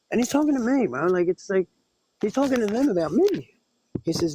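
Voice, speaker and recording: A man's voice: fairly high pitch, lively intonation, fairly quick, darkish tone, a little hiss or hum. A man calling into a live stream, stammering, swearing and rambling in an agitated way as he tells his story.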